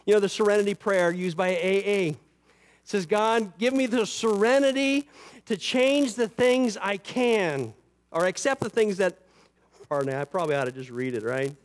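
A man preaching a sermon as pastor, talking conversationally with asides and slowing down to stress scripture. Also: high-pitched. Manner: rises and falls for emphasis, slows on scripture; conversational asides with "you know" and "right".

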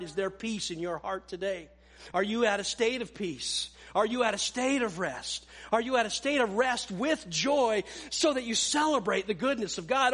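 Male pastor, high-pitched, emphatic sermon delivery with hushed asides.

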